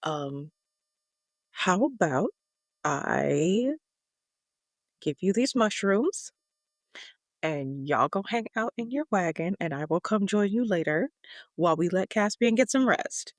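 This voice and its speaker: A person playing a character in a tabletop game, speaking softly and reassuringly with hesitations. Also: medium pitch, lively intonation, slow pace, pauses often, no echo, studio quality. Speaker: player.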